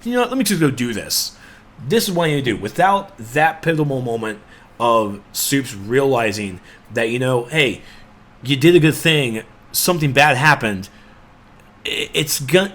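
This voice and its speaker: Animated man in casual podcast chat. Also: medium pitch, measured pace. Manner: animated, emphatic, rambling. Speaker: podcast co-host.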